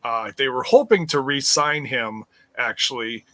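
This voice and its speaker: A man's voice: mid-range voice, animated, a little slow, sharp tone, no echo. A man co-hosting a casual wrestling podcast, reading out the news in a rambling way with many fillers.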